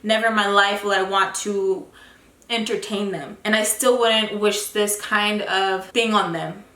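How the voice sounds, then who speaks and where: A woman's voice: mid-range voice, steady tone, unhurried, pushed and bright. A young woman telling a long personal story in a casual vlog, frustrated and rambling, full of fillers. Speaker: vlogger. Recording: echoey room with faint noise.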